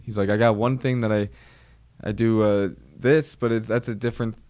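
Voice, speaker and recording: A man's voice: fairly low pitch, steady tone, normal speed, darkish tone, no echo, studio quality. A comedian hosting his podcast, telling a story in a wry, rambling way and often breaking off mid-sentence. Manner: rambling, self-interrupting, wry. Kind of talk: casual storytelling monologue.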